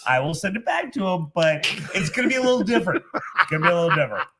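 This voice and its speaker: A man's voice: high voice, big pitch swings, very fast, noisy background. A man, a stand-up comedian guest, telling a rambling, self-deprecating story in casual podcast banter.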